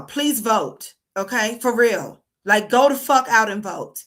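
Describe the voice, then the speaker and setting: A woman's voice: a little high, expressive, slow pace, fairly bright tone. A woman from the United States hosting a livestream, delivering a profane, heated and emphatic casual rant. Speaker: streamer host.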